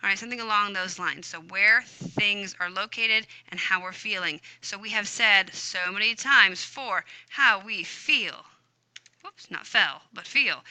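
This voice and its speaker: Woman, teacher, screen-recorded grammar lesson, upbeat, chatty, smooth clear voice, dry close sound. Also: mid-range voice, a little slow, bright, forceful tone, dry recording. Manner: upbeat, chatty, talks to herself while typing. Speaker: Spanish teacher.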